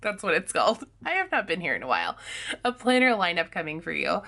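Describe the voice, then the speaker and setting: A young woman in casual chat mode, her voice raspy and still groggy from just waking up. She rambles chattily and laughs often as she talks to her viewers. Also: lowish voice, sing-song, quick pace, bright, forceful tone. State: groggy morning voice. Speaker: planner vlogger.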